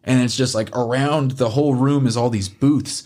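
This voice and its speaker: Brief: man, mid-range voice, loose podcast storyteller, animated and profane. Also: mid-range voice, normal speed. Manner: animated, swears often, acts out quotes. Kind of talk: casual storytelling.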